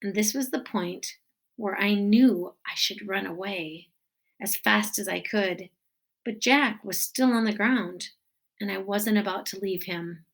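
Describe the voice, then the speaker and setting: A woman teacher reading a children's novel aloud with expressive storytelling. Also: medium pitch, unhurried.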